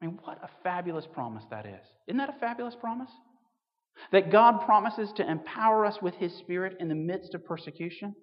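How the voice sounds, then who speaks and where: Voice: mid-range voice, animated, a little fast. A preacher giving a conversational sermon to a congregation, asking rhetorical questions and adding wry asides. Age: 30s or older. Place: church hall. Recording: dull recording with long hall reverb.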